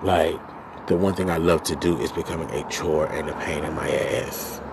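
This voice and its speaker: A man hosting a podcast, ranting angrily and profanely, swinging from low muttering to loud outbursts. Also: steady tone, moderate pace, creaky, background noise. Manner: profane, venting, swings between muttering and shouting. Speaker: podcast host. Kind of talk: angry solo podcast rant.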